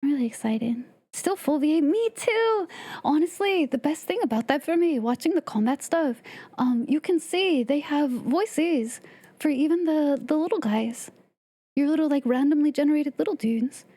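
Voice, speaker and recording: A woman streamer chatting casually to her live audience, excitable and laughing often. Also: high-pitched, normal speed.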